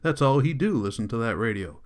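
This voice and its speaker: A man's voice: mid-range voice, expressive, fairly quick, lightly acted. A man voicing a stern older country preacher who speaks in an insistent, preachy way. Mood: indignant. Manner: preachy, insistent, rural Southern speech.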